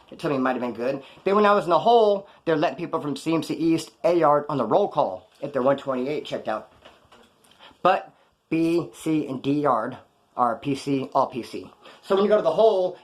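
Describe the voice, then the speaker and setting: In a raised voice, a former prisoner tells his story in a brisk, streetwise way. The first-person account is casual, blunt and full of profanity, and he's animated, with his pitch leaping up for emphasis.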